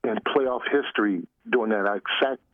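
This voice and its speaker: An older former football player telling stories in a casual interview, laughing often and talking in a loose, folksy way. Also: male voice, on the low side, normal speed, dry recording. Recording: tinny phone line.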